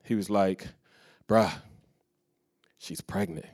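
A man's voice: low voice, slow pace. Guy preaching on a church stage, tells stories and acts out the back-and-forth. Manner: storytelling with quoted dialogue, varied loudness. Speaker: pastor. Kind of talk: sermon. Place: church stage before a live congregation.

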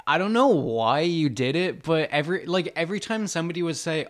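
A young man chatting casually with an old friend, his voice sitting a little high for a man. He tells stories in a joking way and keeps breaking into laughter. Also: lively intonation, brisk. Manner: joking, storytelling, laughs often. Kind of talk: casual chat between friends.

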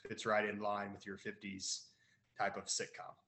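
A man's voice: fairly low pitch, monotone, normal speed, creaky, sharp tone. A man co-hosting a podcast in casual chat, laughing as he quotes lines. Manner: laughs while quoting lines. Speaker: podcast co-host.

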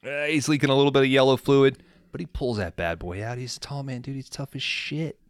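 A man's voice: mid-range voice, fairly quick, no room sound, clean studio sound. A man hosting a podcast, casually recapping a movie in a laid-back, profane storytelling way. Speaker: podcast host.

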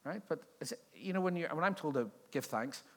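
A male pastor delivers a sermon at a church service, speaking conversationally and joking while often putting questions to the congregation. His voice is fairly high and lively in intonation, a little fast, with a fairly bright tone and slight background noise.

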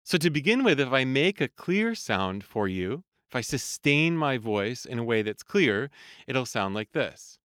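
A man who coaches singers, explaining vocal function in a calm, measured podcast lesson. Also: medium pitch, no echo, clean studio sound. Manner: calm, explanatory, demonstrates sung vowel sounds.

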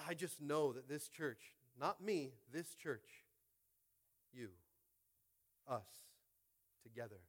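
A male pastor preaching a sermon in a church, talking casually and building to loud, shouted high points. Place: church sanctuary.

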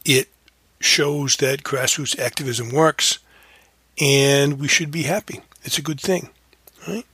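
Husky, bright-voiced man musing on news. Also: medium pitch, fairly even intonation, takes it slowly, no echo. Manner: rambling, self-correcting, frequent fillers. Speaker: podcast host. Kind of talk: casual explanatory commentary.

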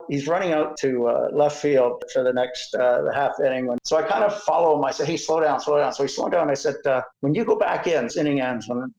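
Older Canadian man, retired umpire guest, animated storyteller with a slightly high voice, roomy, dull remote audio. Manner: animated storyteller, laughs often, acts out voices. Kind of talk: storytelling interview.

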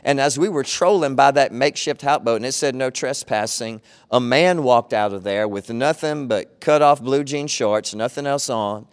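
A man's voice: medium pitch, normal speed, hardly any pauses, clear, resonant tone. A middle-aged man, preaching a sermon as pastor and telling a personal story in an earnest, conversational way.

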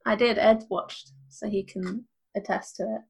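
A woman's voice: medium pitch, fairly even intonation, normal speed, gravelly, slightly rough. A woman in casual podcast chat. She talks playfully, laughs a lot and teases the others in good humor. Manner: giggly, playful teasing. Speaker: podcast co-host.

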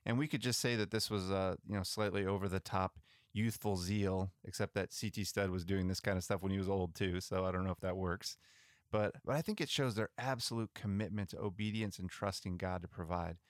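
A podcast co-host tells church and missionary history stories in a relaxed, chatty way, often restarting his sentences. His voice is fairly low, smooth and resonant, and the sound is close and dry with no room sound.

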